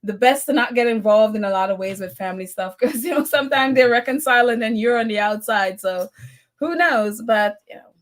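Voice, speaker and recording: A woman's voice: on the high side, a little fast. A woman hosting a live stream in a casual, chatty way, laughing often and teasing as she talks. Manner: teasing, mocking tone. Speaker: live stream host reading viewer comments.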